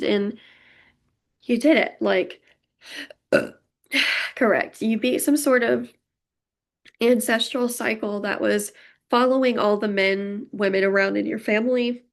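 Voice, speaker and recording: A woman's voice: fairly high pitch, fairly even intonation, takes it slowly, vocal fry, long pauses. A young woman giving a pick-a-card tarot reading, emotional and gushing as she talks straight to her viewers. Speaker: tarot reader.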